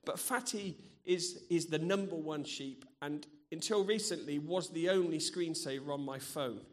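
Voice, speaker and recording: A man's voice: fairly high pitch, normal speed. A middle-aged man preaching in a church, earnest and personal, sharing stories from his own life. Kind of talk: sermon.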